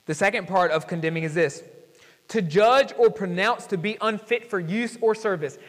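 A young man preaching a sermon as pastor, mixing slow emphatic scripture reading with slangy asides and rising, fervent stretches. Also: high voice, fairly bright tone. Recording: church hall with long reverb.

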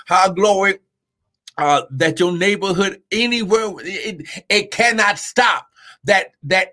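A man preaching a live-streamed sermon with fervent drive, his voice high and bright. He keeps calling out refrains and greets his online viewers by name. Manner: fervent, repeats "how glory" and "come on now".

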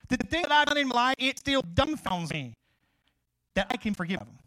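A middle-aged male pastor preaching a sermon, jumping from loud scripture reading to quiet asides and acting out both sides of conversations. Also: extremely high pitch, very animated, normal speed, no room sound, poor audio.

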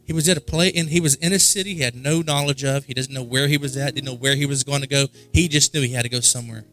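A man's voice: mid-range voice, fairly even intonation, fast, a bit bright, soft background music. A man preaching at a worship service. He tells a story in a casual, conversational way and often repeats himself for emphasis. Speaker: pastor. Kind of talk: sermon. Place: church service.

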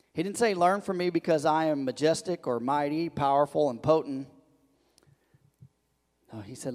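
A man preaching a sermon as a pastor, loud on his emphasis and hushed on his quiet lines, often repeating and restarting words. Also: fairly high pitch, moderate pace, long pauses. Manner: animated, swings between loud emphasis and soft hushed lines; frequent repetitions and restarts. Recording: long reverb of a large hall.

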